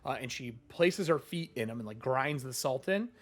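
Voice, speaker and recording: A man narrating a tabletop role-playing game as game master, animated and rambling. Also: mid-range voice, normal speed.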